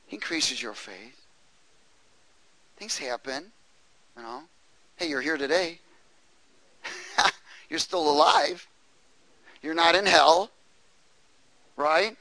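Gravelly, bright-voiced man preaching. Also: fairly high pitch, no echo, rough recording. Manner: lively, laughing often, asking the congregation questions. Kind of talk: sermon.

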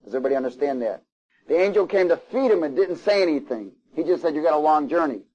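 A man's voice: fairly high pitch, lively intonation, fast, a little mellow, breathy edge. A man preaching a sermon, reading scripture aloud and stopping for asides and questions to the congregation. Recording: slightly dull, lo-fi sound.

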